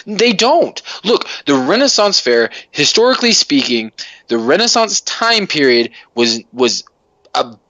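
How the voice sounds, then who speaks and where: A man's voice: a little high, very animated, a little slow, pushed and bright, no room sound. A man co-hosting a podcast, ranting passionately in casual chat, rambling with frequent restarts and swearing. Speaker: podcast co-host. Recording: dull lo-fi podcast audio.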